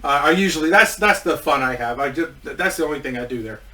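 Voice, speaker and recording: A man's voice: a little high, animated, fast, bright, forceful tone, far from the mic, poor audio. A man telling a casual story about his wrestling days, rambling with many restarts and frequent swearing.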